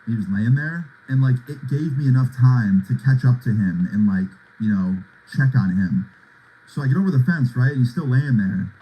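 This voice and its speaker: A man's voice: mid-range voice, lively intonation, normal speed, warm tone, husky, poor audio. A young man casually telling a long personal story, talking loosely with lots of "like" and "right?" as he goes. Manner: loose, filler-heavy retelling with lots of "like" and "right?".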